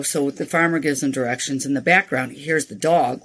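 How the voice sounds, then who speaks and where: An older woman, a nonprofit founder, speaking as an interview guest and telling frank, animated stories. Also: low voice, a little fast, hardly any pauses, slightly rough. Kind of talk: interview storytelling.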